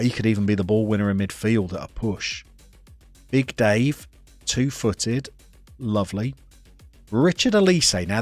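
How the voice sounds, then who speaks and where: A man's voice: on the low side, no echo. A man giving chatty, playful live commentary on a football management game as he streams it, talking to the players and to his chat.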